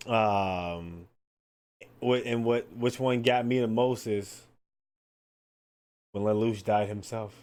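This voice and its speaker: A man's voice: on the low side, slow, long pauses, clean tone. Casual, profane male podcast host. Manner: loose, profane and excitable, lots of "like" and "man". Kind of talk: casual solo podcast chat.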